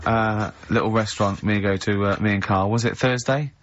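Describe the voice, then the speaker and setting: A man's voice: on the low side, steady tone, brisk, a bit bright. English guy hosting a radio show, jokey and teasing, slightly muffled lo-fi sound. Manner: teasing, laughs often, acts out other people's voices in stories. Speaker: radio host. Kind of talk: casual radio banter.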